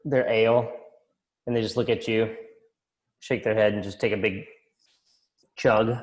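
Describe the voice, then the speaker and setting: A man running a tabletop game as dungeon master, describing scenes in a casual, halting way with many restarts. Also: fairly low pitch, steady tone, rough recording.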